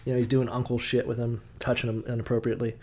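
A man's voice: medium pitch, flat delivery, racing, dark tone. A man co-hosting a podcast, casually retelling a story with lots of swearing, rambling asides and laughter. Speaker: podcast co-host. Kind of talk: comedic retelling, casual chat.

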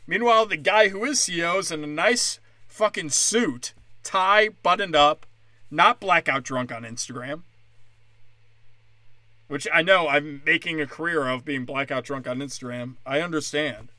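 Male comedian, podcast monologue, angry sarcastic profane rant, tense bright delivery in a dry booth. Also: fairly high pitch, normal speed, dry recording.

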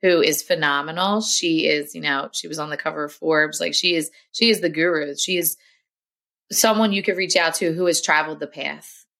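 A woman's voice: low-pitched, steady tone, moderate pace, gravelly, pushed and bright. A woman, a health coach and podcast guest, talking earnestly and encouragingly in casual conversation.

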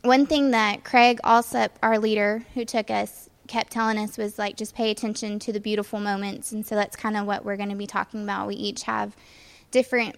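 Young woman presenting haltingly in flat tones, echoey hall. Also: medium pitch, vocal fry. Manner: hesitant, many ums. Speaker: mission trip speaker. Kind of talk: church presentation talk.

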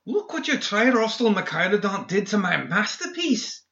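A man voicing a sarcastic, sneering male doctor in an audiobook, pitched well above his own voice. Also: big pitch swings, a little slow, fairly bright tone, roomy sound, dull audio.

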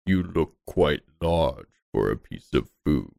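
A man voicing a huge hungry sea beast that talks slowly in an old-fashioned way. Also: very animated, vocal fry, darkish tone, dry recording, studio quality, full character voice. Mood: ominous. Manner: slow, rumbling, archaic speech.

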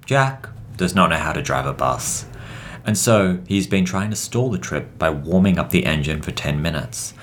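Brief: dry male narrator, deep, lively delivery. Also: moderate pace, a little hiss or hum. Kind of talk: improvised comedy narration.

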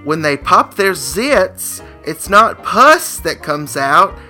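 Man, co-host, comedy game banter, playful, slightly high voice, bright tone. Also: big pitch swings, faint music behind. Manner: playful, quick to laugh, reads jokes aloud.

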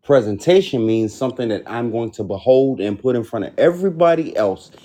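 A man guest-hosting a podcast, making his points slowly and deliberately in a preacher-like way during a heated casual debate. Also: medium pitch, expressive, mellow. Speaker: guest host.

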